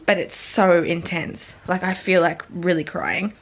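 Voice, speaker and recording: A young woman chats to camera about a novel, rambling and casual, dropping "like" constantly and cursing without a second thought. Her voice sits a little low for a woman, and she talks loosely and unscripted. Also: steady tone, a little slow. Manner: chatty, fills speech with "like", swears freely. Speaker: book vlogger. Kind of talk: casual vlog chat about a book.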